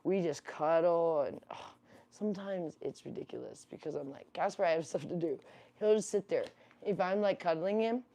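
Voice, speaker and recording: A woman's voice: fairly low pitch, moderate pace, mellow. A woman chatting casually with viewers on a livestream while fussing over her pet rabbit. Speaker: livestream host.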